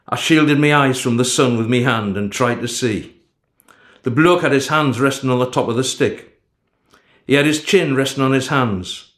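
A man narrating a first-person story in a steady storytelling manner. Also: medium pitch. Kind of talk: storybook reading. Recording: echoey room.

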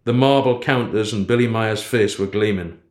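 A man narrating a story in the first person in a steady, low-key way. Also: moderate pace, roomy sound. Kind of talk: storybook reading.

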